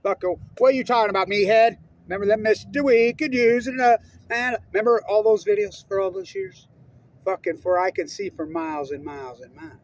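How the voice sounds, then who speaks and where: A man's voice: sits high, a little fast, highs cut off. A middle-aged man from Utah in a heated, profane, rambling political rant. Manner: profane, rambling, heated and jumping between topics. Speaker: political ranter. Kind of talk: unscripted angry monologue.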